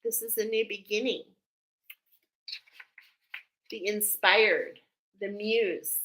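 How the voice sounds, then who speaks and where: Woman oracle reader, slow and bright, effusive, live-stream card reading with an American accent. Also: mid-range voice, fairly even intonation, rough recording. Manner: effusive, exclaiming, laughing often.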